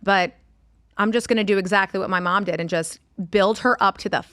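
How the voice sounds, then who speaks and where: A woman's voice: medium pitch, steady tone, brisk, a bit bright, no echo. A woman in her forties, a podcast guest in casual chat, talking candidly, swearing freely and laughing often.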